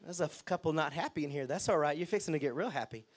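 A man preaching a lively sermon as pastor, often checking in with the congregation. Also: on the high side, very fast. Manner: lively, chatty, asks the crowd okay and right.

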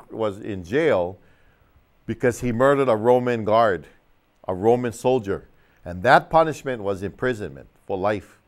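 A man preaching a TV sermon as a minister, telling a story with lots of energy and acting out the shouting crowd, and calling the listener "my friend" again and again. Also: medium pitch, clean tone. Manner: keeps addressing the listener as my friend. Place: TV studio.

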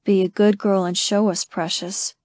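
A woman voicing a commanding young man who speaks low, soft and slow in an audiobook romance. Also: flat delivery, no room sound, clean studio sound, lightly acted.

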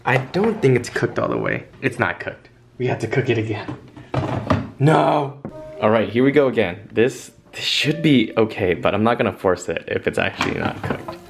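A man's voice: on the low side, expressive, fairly quick, vocal fry, few pauses. A young man, talking casually and slangily as a vlogger while he shops and cooks. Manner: laid-back slangy talk. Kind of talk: casual vlog chat. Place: home kitchen and grocery store. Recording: lo-fi music playing under voice.

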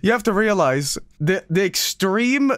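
A man's voice: high voice, big pitch swings, unhurried, fairly bright tone, a little hiss or hum. A man casually commenting on a video game, often laughing and exclaiming at what happens on screen. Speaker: streamer. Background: game music.

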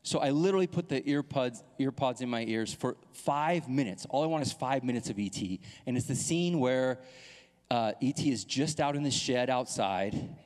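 A man's voice: medium pitch, normal speed. A male pastor in his thirties telling a personal story in a sermon, acting out the voices in the dialogue. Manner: animated storytelling, acts out dialogue. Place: church hall. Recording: long hall reverb.

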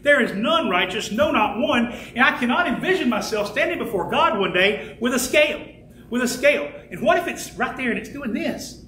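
A man preaching a fervent sermon as pastor, building to shouts and slowing down to stress key words. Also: very high-pitched, lively intonation, a little hiss or hum. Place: church sanctuary. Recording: echoey church room with faint ambience.

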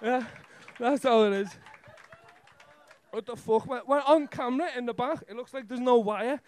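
A young Scouse man with a very high voice rambles through a live stand-up set. He sounds nervous and swears constantly, speaking into a handheld mic on a club stage. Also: normal speed, a little mellow. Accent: Liverpool Scouse. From Liverpool, England. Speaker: stand-up comedian.

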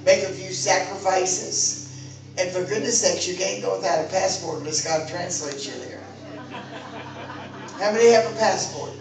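A woman preaching a sermon in a fervent, exhorting manner, rising at times to loud calls to her listeners. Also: fairly low pitch, moderate pace. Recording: very echoey room, mic far off, music behind.

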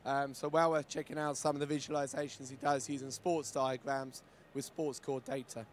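A man, hoarse and short of voice, presenting a live conference talk in a friendly, relaxed way with frequent ums. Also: mid-range voice, normal speed, slight background noise. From United Kingdom.

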